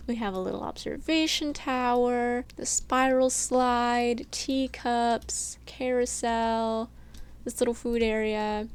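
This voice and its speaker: Young woman rambling thru her game park, kinda sleepy, laughs a lot, voice sits a bit high. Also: smooth. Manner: chatty, self-deprecating, laughs often. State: sleepy, yawning. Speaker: gaming channel host. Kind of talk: casual game walkthrough voice-over.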